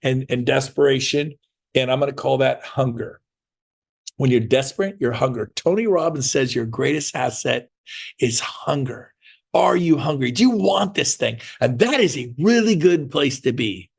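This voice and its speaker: A man, giving an energetic motivational sales talk to an audience, acting out other people's voices in quick asides. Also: medium pitch, vocal fry, husky. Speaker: real estate sales trainer.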